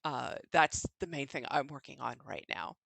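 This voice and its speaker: A woman literature professor co-hosting a podcast, speaking in a measured, articulate, matter-of-fact way. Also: very deep voice, expressive, creaky, fairly bright tone, husky, no room sound, rough recording. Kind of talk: conversational podcast chat.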